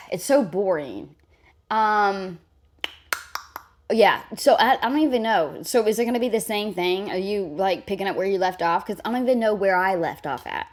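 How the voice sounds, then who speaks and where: A woman reacting live to a clip, mocking and cursing as she talks back at the screen. Her voice sits at an ordinary middle pitch for a woman. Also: expressive, moderate pace. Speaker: reaction streamer.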